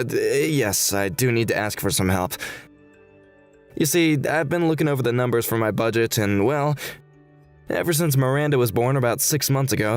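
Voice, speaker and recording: A man's voice: medium pitch, close to an everyday voice. A man playing a hesitant, defensive grown son. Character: hesitant grown son, a married father asking for money. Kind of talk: scripted text-message drama reading.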